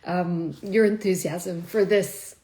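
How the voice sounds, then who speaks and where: A woman's voice: fairly low pitch, steady tone, slow pace, warm tone. A woman chatting casually to viewers on a live stream, emotional and laughing often, with many fillers. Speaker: wine video creator.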